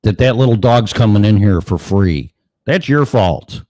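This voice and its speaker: A man's voice: lowish voice, lively intonation, measured pace, warm tone, dry recording. A man hosting a show, delivering a sarcastic, profane ranting monologue full of mocking asides. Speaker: show host.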